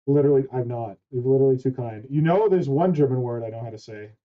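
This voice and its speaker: A man with a medium-pitched voice and quick pace hosts a casual online chat, rambling and swearing offhandedly. He's on the wrong mic, so the recording sounds dull and lo-fi.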